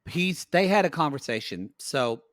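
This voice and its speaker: A man's voice: on the high side, lively intonation, normal speed, fairly bright tone, dry recording, studio quality. A man co-hosting a podcast, gossiping his way through a reality TV recap in casual chat and speaking to listeners as y'all. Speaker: podcast co-host.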